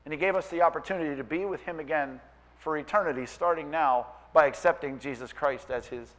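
A male pastor preaching a sermon in an animated, playful way, acting out voices of people and biblical figures. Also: on the high side, fairly quick.

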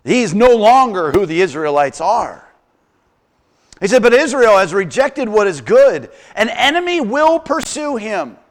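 Animated, high-voiced male pastor preaching. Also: measured pace. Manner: animated, humorous storytelling with acted-out quotes. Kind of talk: sermon.

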